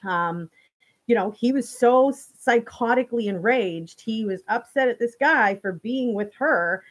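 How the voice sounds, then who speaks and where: A woman's voice: a little high, measured pace. A woman hosting a show, casually retelling a true-crime story to her viewers, full of "you know" and restarts. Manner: talks straight to viewers. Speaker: host.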